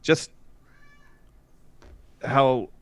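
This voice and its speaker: A man's voice: very slow, fairly bright tone, no room sound. A man co-hosting a casual wrestling review show, talking with eager enthusiasm. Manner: enthusiastic, gushing praise. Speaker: podcast co-host.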